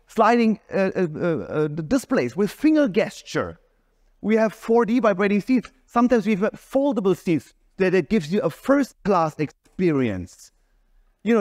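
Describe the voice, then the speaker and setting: A man delivers a keynote speech in an emphatic, energetic way, sometimes breaking into a shout. His voice sits high and swings widely in pitch. The sound trails off in the long reverb of a large hall. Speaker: keynote speaker.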